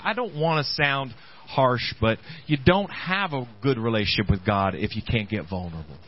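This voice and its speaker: A pastor preaching a sermon in an animated, halting way, often acting out the voices of the people he quotes. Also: medium pitch, lo-fi sound.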